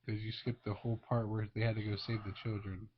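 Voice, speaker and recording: A man's voice: lowish voice, fast talker, slight background noise. A man co-hosting a casual movie review podcast as a father, easygoing and asking clarifying questions. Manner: relaxed, affirming, asks clarifying questions. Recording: dull lo-fi recording.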